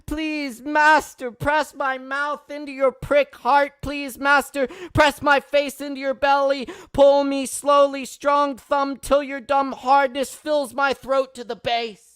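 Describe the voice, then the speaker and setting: A man hosting a live-streamed poetry open mic. He reads poems with loud, impassioned outbursts and talks in relaxed, quick asides between them. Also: extremely high pitch, dry recording, clean studio sound. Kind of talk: live-streamed poetry reading and host talk.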